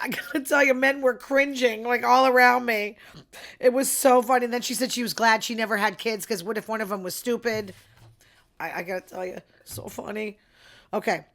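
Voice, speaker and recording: A woman's voice: a little high, fairly bright tone. A woman hosting her own podcast, talking alone in a chatty, opinionated way and dropping into murmured asides. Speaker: podcast host. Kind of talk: casual solo podcast chat.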